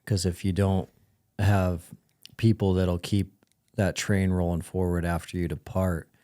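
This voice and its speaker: A podcast host with a very deep, dark voice talks in a relaxed, casual way and chimes in with brief reactions. The sound is close and dry. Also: male voice, a little slow, no echo. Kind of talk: casual chat.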